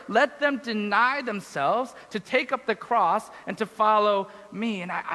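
High-voiced man preaching a sermon. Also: pushed and bright, big-room sound, low-quality recording. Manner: reflective, asks questions, repeats phrases.

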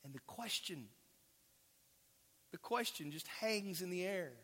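Animated preacher man in an echoing hall. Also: sits high, slow. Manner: conversational preaching with rhetorical questions and asides. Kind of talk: sermon. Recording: long reverb of a large hall.

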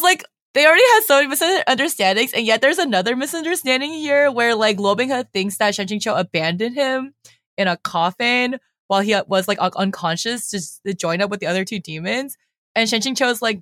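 Excitable young woman, dry close mic. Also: a little high, fairly quick, no room sound. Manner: excitable, gushing, swears, heavy use of "like". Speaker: podcast co-host. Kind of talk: casual book discussion and read summary.

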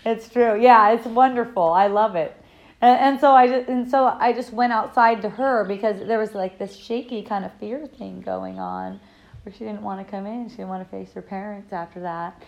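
A woman's voice: medium pitch, expressive, normal speed, a little mellow. A woman hosting an online dialogue group, telling a personal story in a casual, rambling way, upbeat and effusive with frequent restarts. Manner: rambling, laughs often, many restarts.

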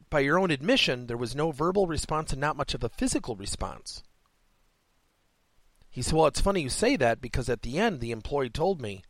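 A man with a lively, rising and falling voice hosts a solo coaching podcast. He tells a workplace story and acts out both people in the conversation. The sound is dry and close, with no room echo. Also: a little high. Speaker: podcast host and business coach.

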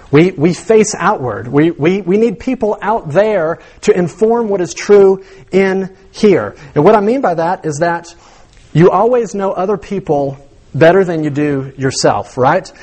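A man's voice: sits high, a little mellow. A young man preaching a sermon in a conversational, self-deprecating way, chuckling through his personal stories.

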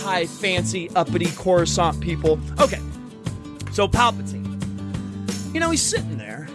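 A podcast host rants in a casual, swearing chat, his pitch leaping about as he builds to loud outbursts. Guitar music plays under the talk. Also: sing-song, moderate pace.

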